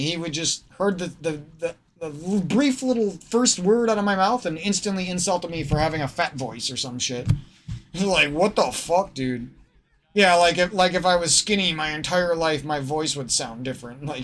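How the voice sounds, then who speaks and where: A man's voice: sits high, fairly bright tone. A man with a slightly nasal Midwestern American accent, ranting in a rambling, profane gaming vlog and cutting himself off mid-sentence. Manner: profane, rambling, self-interrupting. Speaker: gaming streamer.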